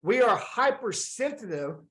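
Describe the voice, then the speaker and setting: A man's voice: extremely high pitch, sing-song, measured pace, a bit bright. A man coaching a group over a video call, talking casually, asking the group rhetorical questions and acting out the thoughts people have. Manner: acts out quoted inner thoughts. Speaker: fitness and wellness coach.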